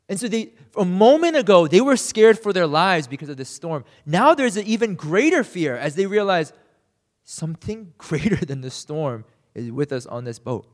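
A man's voice: high voice, sing-song, fairly quick, big-room sound. A man preaching a sermon in a conversational way, often checking in with "right?" and acting out quoted voices. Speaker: pastor.

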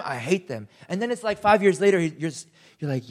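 A young man preaching a sermon, animated and self-deprecating, acting out quotes with sudden jumps in pitch. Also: a little fast. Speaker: pastor.

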